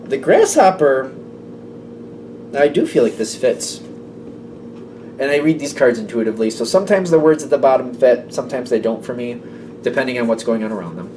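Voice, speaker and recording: A man gives a casual, intuitive tarot reading, rambling emotionally and often acting out the people involved. His medium-pitched voice is animated and a little fast, with a darkish tone and long pauses. The mic sits slightly distant, picking up faint noise.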